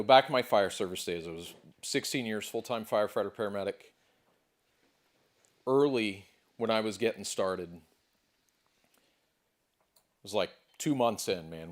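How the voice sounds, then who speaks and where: A man giving a motivational stage speech at a conference, emphatic and repetitive, building in intensity. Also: lowish voice. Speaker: motivational speaker. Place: conference hall.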